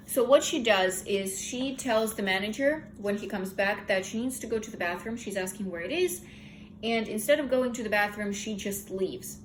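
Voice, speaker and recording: A woman's voice: mid-range voice, a little hiss or hum, poor audio. A young woman casually recapping a novel's plot in her own words, candid and opinionated. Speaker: book reviewer. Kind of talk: casual book review chat.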